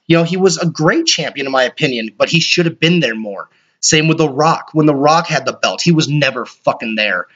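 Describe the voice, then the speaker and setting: A man hosting a solo podcast, rambling excitably and swearing often. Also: on the high side, fairly quick. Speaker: podcast host. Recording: dull lo-fi recording.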